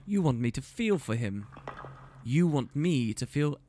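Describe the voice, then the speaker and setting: A man reading aloud, slowing and hushing his voice to play a cruel, mocking woman in a storybook scene. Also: medium pitch, big pitch swings, a little hiss or hum. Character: cruel seductive woman Faolain, cold and mocking.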